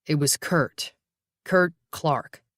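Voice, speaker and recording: A narrator voicing a grieving young man in his twenties who answers a detective's questions quietly and shakily in an audiobook. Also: medium pitch, extremely slow, no room sound, studio quality. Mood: weary. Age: 20s. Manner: quiet, shaky, tired replies.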